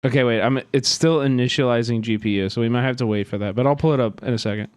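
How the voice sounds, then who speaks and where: A man's voice: medium pitch, steady tone, quick pace, smooth, no echo, clean studio sound. A man streaming live, telling a story in an agitated, profane way that rambles with many fillers.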